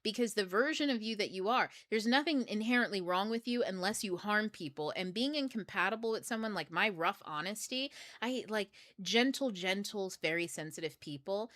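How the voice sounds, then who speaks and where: Middle-aged woman, casual blunt host who curses and laughs a lot; bright, edgy tone, dry recording. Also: lowish voice, brisk, hardly any pauses, no room sound. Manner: blunt, profane, laughs often. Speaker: book club host. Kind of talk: casual livestream talk.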